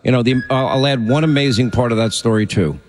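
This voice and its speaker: A male talk radio host speaks with urgency and emphasis, pressing his points at a mid pitch. A long reverb tail hangs on his voice. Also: brisk, slight background noise.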